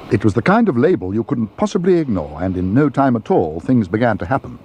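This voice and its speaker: A man narrating a children's story in a measured, gently expressive way. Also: mid-range voice, a little hiss or hum.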